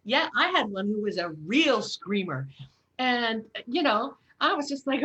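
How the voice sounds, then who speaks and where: A woman's voice: fairly high pitch, sing-song, a little slow, pushed and bright, muffled recording. A middle-aged woman voice coach who talks casually and expressively, demonstrating sounds and encouraging the listeners. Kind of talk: casual chat with vocal demos.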